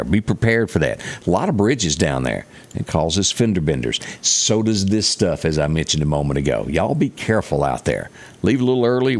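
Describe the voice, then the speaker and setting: A man with a Mississippi accent presenting a local morning weather report, chatting to viewers with folksy asides. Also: deep voice. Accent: Southern US, Mississippi.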